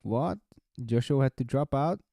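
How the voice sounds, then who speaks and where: A man reacting live to beatbox submissions as a judge, with a gravelly voice. His pitch swings widely while his pace stays slow. The sound is dry and close. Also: expressive, mellow, no room sound. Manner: joking, swears, laughs often. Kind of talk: casual live reaction stream.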